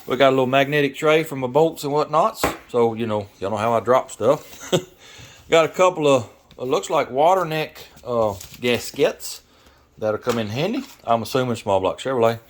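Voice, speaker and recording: A man with a Southern American accent talking casually in a garage workshop, rambling and folksy, thinking out loud with lots of fillers. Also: mid-range voice, moderate pace, a little hiss or hum. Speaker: garage YouTuber and mechanic. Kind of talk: casual workshop vlog talk.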